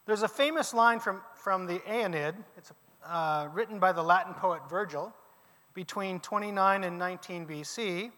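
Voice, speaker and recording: A man teaching a class, lecturing with lively questions to his students. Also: high voice, moderate pace, big-room sound.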